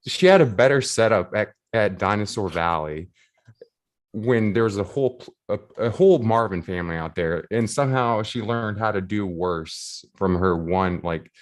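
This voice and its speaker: A man, a race volunteer, casually telling an animated story full of fillers and laughter. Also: on the low side, moderate pace. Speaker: race volunteer and shuttle driver.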